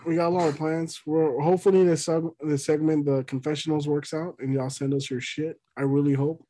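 A man's voice: fairly high pitch, little pitch movement, brisk, warm tone, no room sound. A man in his twenties co-hosting a podcast, laid-back and laughing often, swearing freely in casual chat. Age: 20s. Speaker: podcast co-host.

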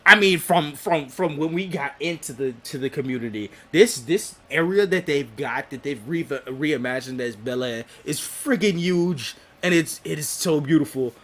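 Man, fairly high voice, casual podcast recap, rambling, swears a lot, laughs often. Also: animated, normal speed, few pauses, fairly bright tone. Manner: rambling, profane, laughs often, frequent restarts. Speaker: podcast co-host.

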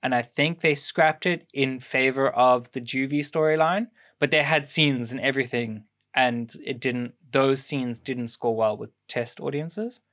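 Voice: medium pitch, unhurried, hardly any pauses, fairly bright tone. A young adult podcast co-host chatting casually about a film, rambling through production facts with lots of ums and restarts. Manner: rambling, fact-sharing with many ums and restarts. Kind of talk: casual film review chat.

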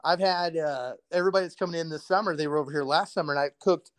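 A man's voice: fairly high pitch, racing, no echo. A man in casual podcast chat, laid-back and profane, telling hunting and cooking stories. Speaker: podcast co-host.

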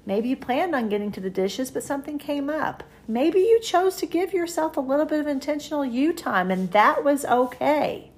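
A woman's voice: high-pitched, expressive, normal speed, few pauses. A woman hosting a self-help podcast, talking straight to the listener in a chatty, coaching way. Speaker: podcast host.

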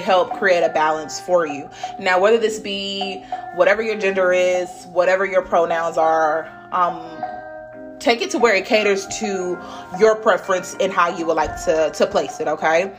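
A woman's voice: fairly low pitch, normal speed, music in the background. Blunt chatty woman giving a reading. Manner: blunt, chatty, swears, laughs often. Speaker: tarot reader. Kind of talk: casual spiritual reading.

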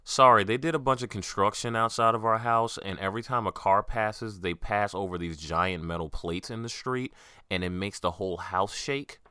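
Deep-voiced man hosting a comedy podcast. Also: normal speed, bright, forceful tone, clear, resonant tone, dry recording, studio quality. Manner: rambling, laughs often. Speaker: podcast co-host. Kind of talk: casual comedic podcast chat.

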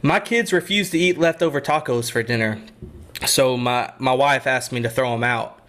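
A man in his thirties trading dad jokes in a casual chat, with a slow, drawn-out delivery and hesitant ums between jokes. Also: medium pitch, fairly bright tone. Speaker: joke teller in a try-not-to-laugh game. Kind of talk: casual joke swapping.

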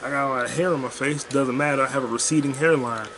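A man's voice: medium pitch, fairly even intonation, fast talker, vocal fry. A man hosting a casual podcast, rambling profanely while playing a video game at home. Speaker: podcast host. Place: home room with a fan running. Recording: noisy home recording with fan hum.

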